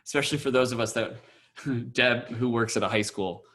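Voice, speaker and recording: A man's voice: mid-range voice, a bit bright. A man teaching an online class as cantor, calling on students in an encouraging way over a video call. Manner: slow, encouraging, calls on students.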